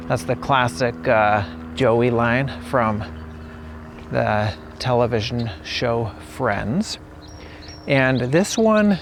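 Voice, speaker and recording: A man with a gravelly, creaky voice gives a relaxed spoken English lesson at a slow, steady pace. He repeats each example phrase to demonstrate it, with faint outdoor sound behind him. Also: mid-range voice, slight background noise. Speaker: English teacher. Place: outdoors on a walk.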